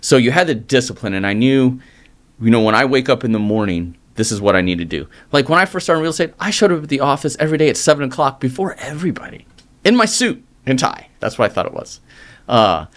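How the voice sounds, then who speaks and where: Middle-aged man, mortgage guest, lively anecdotal delivery, mid-pitched voice. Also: fast. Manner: energetic, animated storytelling with acted quotes. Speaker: mortgage loan originator, guest. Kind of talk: casual storytelling interview.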